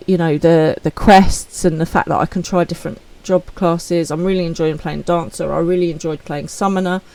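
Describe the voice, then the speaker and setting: A woman's voice: on the low side, warm tone, poor audio. A woman streaming live, chatting casually and with self-deprecating humor as she reads out messages from viewers. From United Kingdom.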